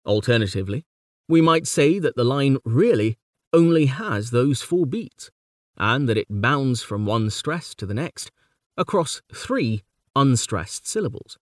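Measured man lecturing on poetic meter. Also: medium pitch, animated, no room sound, clean studio sound. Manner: measured, reads poem quotes slowly and rhythmically. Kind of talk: scripted academic narration.

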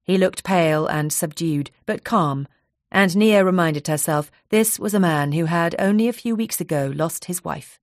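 A woman narrates a novel in an even, unhurried voice. Her pitch sits a little low. The recording is dry and close to the mic. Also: dry recording. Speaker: audiobook narrator. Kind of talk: novel reading.

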